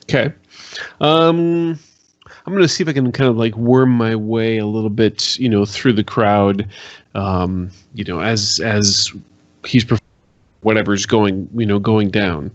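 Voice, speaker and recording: A man's voice: on the low side, steady tone, measured pace, dry recording, dull audio. A man playing a tabletop game, talking hesitantly with many fillers and restarts. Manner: hesitant, full of ums and restarts. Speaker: player. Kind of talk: casual tabletop play.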